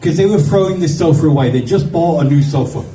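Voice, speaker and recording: A man performing stand-up comedy, telling a long, profane anecdote and slipping into voices for the people in it. His voice sounds very dark and mellow, pitched a little high for a man. It was caught on a phone at a distance in an echoey room. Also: quick pace. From grew up in the 1970s. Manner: swearing, rambling anecdotal delivery with voiced characters. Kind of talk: stand-up storytelling. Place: stage at a comedy show. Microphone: phone filming from the audience. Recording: roomy phone recording from afar.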